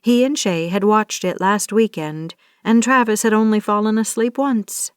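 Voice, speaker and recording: A woman narrating a romance audiobook in a steady, scripted reading. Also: medium pitch, moderate pace, clear, resonant tone, no echo, studio quality.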